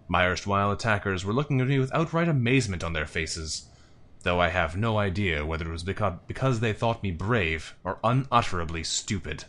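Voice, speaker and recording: A man narrates a text adventure aloud in expressive storybook fashion, pausing for musing asides. His voice sits low and deep. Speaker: let's play narrator.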